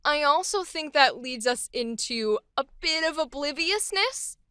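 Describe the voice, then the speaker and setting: Woman voice actor gushing about a character, high bright voice, super dry mic. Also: expressive, no room sound. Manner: enthusiastic, playful, acts out quick snippets. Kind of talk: casual character-voice breakdown.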